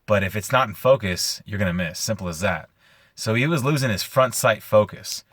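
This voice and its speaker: A man hosting his own show retells a story casually and with animation, dropping in lots of "like" fillers. His voice is on the low side and fairly bright, at a moderate pace, in a dry recording.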